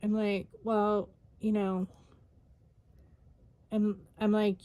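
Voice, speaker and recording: A woman's voice: medium pitch, level tone, very slow, mellow, smooth, no room sound. An exhausted woman chatting casually while she crafts, rambling with lots of fillers. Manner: rambling, tired, many fillers. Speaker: scrapbooking vlogger.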